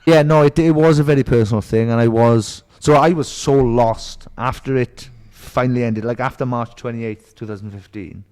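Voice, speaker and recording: A man's voice: mid-range voice, moderate pace, hardly any pauses, darkish tone, clean tone. A middle-aged man with a Welsh accent from Merthyr Tydfil, a podcast guest telling stories in casual chat, swearing freely and acting out the voices of people he quotes. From Wales.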